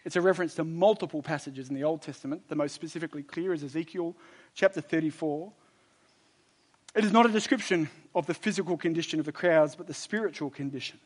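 A fairly high-pitched man delivers a sermon with real conviction. He drives his points home hard, then drops low and intense, and slips easily into casual, chatty storytelling between passages. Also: quick pace. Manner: emphatic, swings from loud exhortation to low intensity; conversational storytelling asides. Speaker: preacher.

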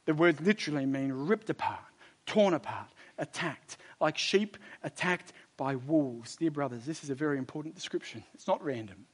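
A fairly high-pitched man delivers a sermon with real conviction. He drives his points home hard, then drops low and intense, and slips easily into casual, chatty storytelling between passages. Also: animated, normal speed. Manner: emphatic, swings from loud exhortation to low intensity; conversational storytelling asides. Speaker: preacher.

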